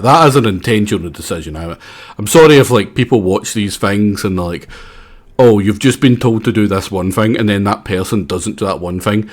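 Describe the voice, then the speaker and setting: A young man streaming a game, rambling and apologetic in playful, casual commentary. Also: lowish voice.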